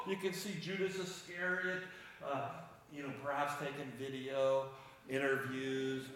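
A male preacher giving a sermon, telling the scene in an animated way and acting out its people. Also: on the high side, measured pace. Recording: echoey room.

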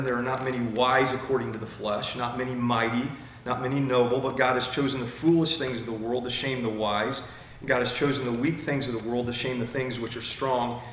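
A man's voice: medium pitch, fairly bright tone, a little hiss or hum. Man, pastor, sermon, emphatic repetition, heavy room echo. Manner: emphatic preaching with rhetorical repetition. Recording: very echoey room.

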